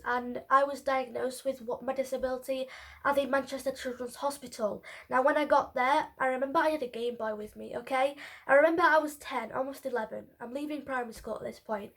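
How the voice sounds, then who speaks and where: A woman vlogging, telling a personal story to camera in a candid, emotional way with casual swearing. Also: sits high.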